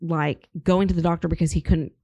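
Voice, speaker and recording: A woman's voice: lowish voice, steady tone, fairly quick, vocal fry, mellow, breathy edge, dry recording, lo-fi sound. A young woman co-hosting a podcast, chatting casually and filling her talk with "like" and restarts. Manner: chatty, filler-heavy, restarts sentences. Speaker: podcast co-host. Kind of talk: casual chat.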